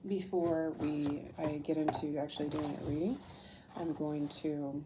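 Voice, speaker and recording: A woman's voice: deep voice, flat delivery, measured pace, background noise. A young woman doing a casual tarot reading and reading aloud from a book, often getting emotional, laughing and apologizing as she goes. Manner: emotional, laughs through tears, many apologies. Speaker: tarot reader.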